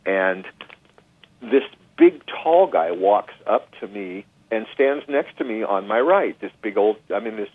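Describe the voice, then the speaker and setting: A middle-aged man, a guest musician, telling a story in a casual interview, animated and full of restarts and asides. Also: fairly low pitch, measured pace, no room sound. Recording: dry tinny phone line.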